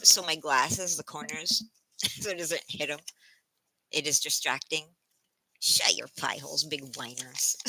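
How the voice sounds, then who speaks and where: A woman's voice: on the low side, sharp tone, low-quality recording. A woman hosting a casual trivia stream, playful and laughing often as she reads out chat.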